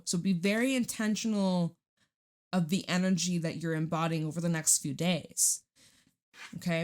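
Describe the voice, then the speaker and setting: A woman's voice: on the low side, darkish tone. A woman giving a casual tarot reading to camera, chatty and reassuring, swearing casually and jumping between thoughts. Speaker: tarot reader.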